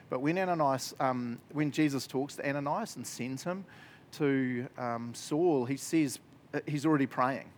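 A man giving a casual sermon as pastor, chatty and animated, with many fillers and frequent laughs. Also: medium pitch, slight background noise.

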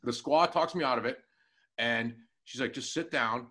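A man's voice: mid-range voice, normal speed. A man on a casual podcast, telling a long profane story and acting out what everyone said. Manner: profane, animated anecdote telling with acted-out quotes. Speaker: podcast co-host and new tech guy.

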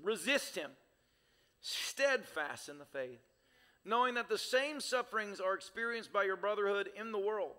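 A man's voice: high-pitched, lively intonation, moderate pace, sharp tone. A male pastor preaching a sermon with fervor, using rhythmic, repeated phrases. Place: church sanctuary. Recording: reverberant church hall.

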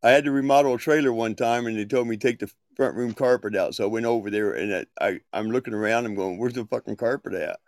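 A man's voice: lowish voice, quick pace, few pauses, no room sound. Storytelling male co-host, dry room. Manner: storytelling, dry jokes, frequent laughs. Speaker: podcast co-host. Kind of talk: crude casual banter.

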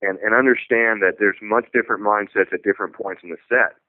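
A tennis coach talking on a radio show, telling stories in a relaxed, conversational way. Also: male voice, lowish voice, a little fast, dry recording. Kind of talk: radio talk show discussion. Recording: tinny phone-like radio audio.

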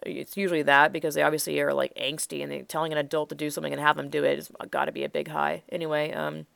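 A woman hosting a political commentary show, rambling with many fillers and turning heated and loud when angry. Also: sits low, little pitch movement, quick pace, gravelly, clear, resonant tone, no echo. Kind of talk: casual opinionated monologue.

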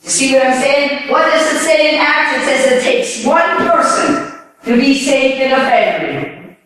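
An older woman preaching her testimony in an animated way, often firing questions at the audience. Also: sits high, a little slow. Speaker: speaker giving her testimony. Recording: echoey hall, voice from far off.

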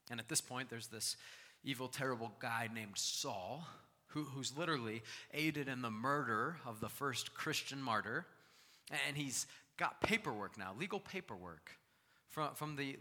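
Animated male preacher in a reverberant hall. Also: mid-range voice. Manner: animated preaching, acting out scripture voices. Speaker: pastor. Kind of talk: sermon.

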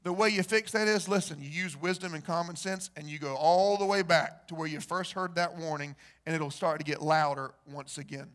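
A man preaching a sermon, telling stories and acting out the people in them, building to loud emphasis. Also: a little high, fairly even intonation, fairly quick, hardly any pauses. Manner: storytelling, acts out quoted voices, rises to loud emphasis. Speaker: pastor.

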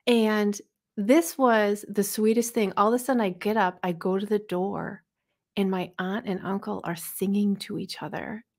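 A woman from Tennessee co-hosting a podcast, telling stories in a casual, animated way and acting out the quotes. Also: mid-range voice, normal speed. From Tennessee, USA. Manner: animated storyteller who acts out quotes. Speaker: podcast co-host. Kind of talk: casual chat.

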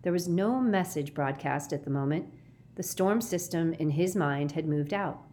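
A woman with a lowish voice reads a children's novel aloud, shaping each phrase with expressive storytelling. She paces the narration with clear, deliberate emphasis. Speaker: audiobook narrator. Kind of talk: audiobook reading.

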